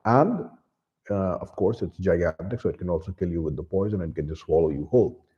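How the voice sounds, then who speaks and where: A man's voice: deep voice, expressive, fairly quick. A man casually retelling a book's plot in a rambling way, with many restarts and fillers. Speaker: book reviewer. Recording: dull lo-fi recording.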